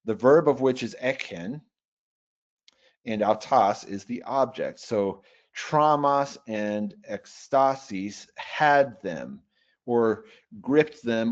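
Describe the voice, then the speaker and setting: A man leading an online teaching webinar, reading Greek slowly and working through its grammar aloud in a measured way. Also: mid-range voice. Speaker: Bible software trainer. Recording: dull lo-fi webinar audio.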